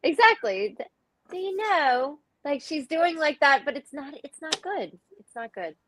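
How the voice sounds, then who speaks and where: A woman's voice: high-pitched, sing-song, a little slow, fairly bright tone, low-quality recording. A woman guest in a casual live discussion over a video call, rambling and self-deprecating as she talks.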